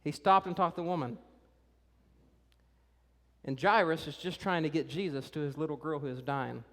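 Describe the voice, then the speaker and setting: A male pastor delivers a sermon in an animated, conversational way. His voice sits a little high, and he talks straight to the young people in the room. A long church reverb trails after his words. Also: moderate pace. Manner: animated, conversational, directly addressing kids and teenagers.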